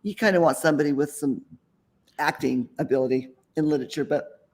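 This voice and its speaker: The man's voice runs on the high side, a little mellow, and fairly quick. He's an author and mentor being interviewed, talking in a relaxed, confident way while rambling slightly and restarting his thoughts.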